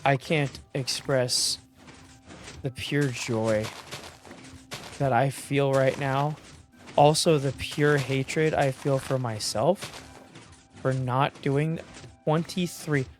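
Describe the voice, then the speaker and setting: A man hosting a gaming video, thinking aloud in casual commentary, self-mocking and quick to get excited. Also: medium pitch, over music. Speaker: gaming channel host.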